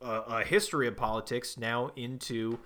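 A man's voice: medium pitch, normal speed, a bit bright. A man doing comedic improv chat, telling rambling stories full of fillers.

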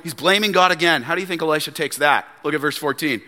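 A man preaching a sermon as pastor, animated and acting out the Bible characters with sarcasm. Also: on the high side, fast talker, few pauses. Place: church sanctuary. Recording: long church hall reverb.

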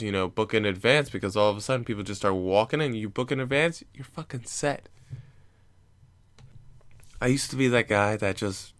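A young man with a fairly low voice tells stories in a loose, rambling way. His tone is smooth and clear. He swears freely and breaks into laughs at his own jokes. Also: a bit bright. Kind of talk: casual comic storytelling.

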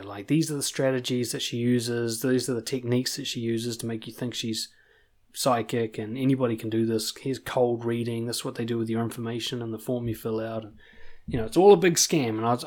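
A man, a confidence coach giving a blunt motivational monologue, swearing freely and pushing points with animated emphasis. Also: medium pitch.

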